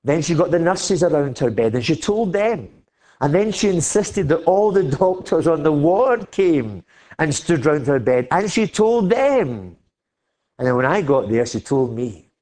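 Older Scottish male preacher, slow deliberate delivery, impassioned and emphatic. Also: fairly high pitch, very animated. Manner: impassioned preaching, rising to loud emphatic declarations. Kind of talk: sermon.

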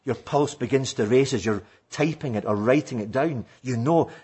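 A man who is a pastor, earnestly exhorting fellow preachers in a sermon-style talk, with a husky voice. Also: medium pitch, normal speed, dark tone.

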